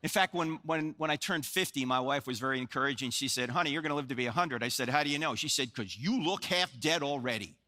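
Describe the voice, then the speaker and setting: A Christian apologetics speaker in his sixties, from New Jersey, jokes and tells stories to a live audience while putting questions to them. His medium-pitched voice is bright and forceful, moving at a quick pace with few pauses.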